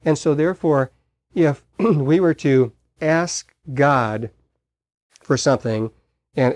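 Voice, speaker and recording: A man preaching a sermon, telling stories in a halting way with many pauses and fillers. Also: medium pitch, darkish tone, dry recording. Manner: halting storyteller, frequent uh fillers.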